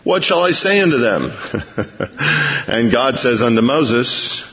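A man's voice: mid-range voice, lively intonation, slow. A man preaching a verse-by-verse sermon, retelling scripture in a folksy, chuckling way. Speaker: pastor. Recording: lo-fi radio broadcast with long reverb.

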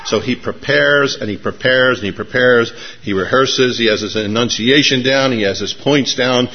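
A man preaching a sermon, telling a story with dramatic swings between soft and loud delivery. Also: medium pitch. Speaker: pastor. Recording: dull lo-fi recording.

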